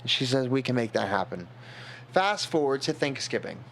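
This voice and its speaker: A man's voice: mid-range voice, big pitch swings, vocal fry, a bit bright, a little hiss or hum. Rambling young man telling a story. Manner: rambling, halting, emotional. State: tipsy. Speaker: streamer. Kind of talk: casual storytelling on a stream.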